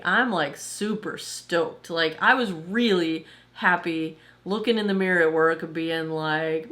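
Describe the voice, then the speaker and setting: A woman in her forties, slightly hoarse, giving a chatty, enthusiastic makeup review as a vlogger and laughing often. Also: medium pitch, lively intonation, normal speed, few pauses, a bit bright. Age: 40s. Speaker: beauty vlogger.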